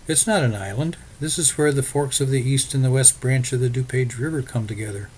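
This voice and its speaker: A man's voice: mid-range voice, fairly quick, darkish tone, a little hiss or hum, natural voice. A man voicing a friendly young frontier farmer's son who speaks in a plain, folksy way.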